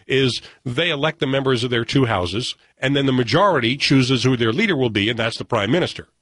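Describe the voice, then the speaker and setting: A man's voice: medium pitch, brisk, a bit bright, no room sound. A man hosting a radio talk show, chatting casually in a wry way and reading news items aloud.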